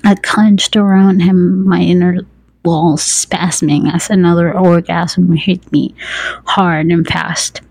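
A woman narrating an adult story in a soft, breathy, intimate whisper, with quiet laughs. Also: lowish voice, little pitch movement, takes it slowly, no echo, poor audio.

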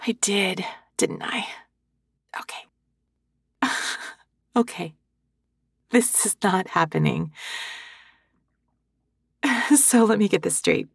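A woman's voice: medium pitch, huge pitch swings, no room sound, clean studio sound, exaggerated voice. Woman playing a hungover, sheepish young woman. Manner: self-deprecating, halting, breathy laughs. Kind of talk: audio role-play to the listener. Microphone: sensitive close microphone.

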